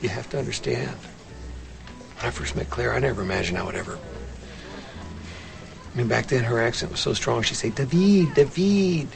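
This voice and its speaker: An actor playing a middle-aged married man who pleads softly and slips into hushed confession. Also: medium pitch, brisk, vocal fry, pauses often, music in the background. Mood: anguished. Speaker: married dentist confessing to his lover. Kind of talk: film drama acting.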